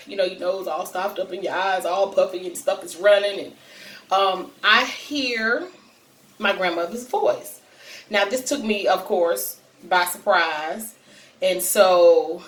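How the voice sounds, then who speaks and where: A woman's voice: mid-range voice, fairly bright tone. A woman vlogger casually telling a personal story to her viewers, chatty and direct with plenty of fillers. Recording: roomy sound, distant from mic.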